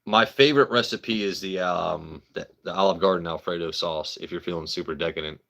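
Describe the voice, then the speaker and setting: Low-voiced man rambling on a livestream. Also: fairly quick, gravelly, pushed and bright. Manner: profane, joking, talks to chat by name. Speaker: livestream host. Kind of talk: casual rambling livestream chat.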